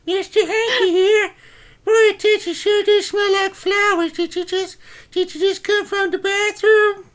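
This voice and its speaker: A man doing a very high, squeaky voice as a cheery male Christmas poo character, shrill and giggly. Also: fairly even intonation, unhurried, fairly bright tone. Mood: jolly. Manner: shrill, giggly, rowdy and crude. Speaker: live stream co-host.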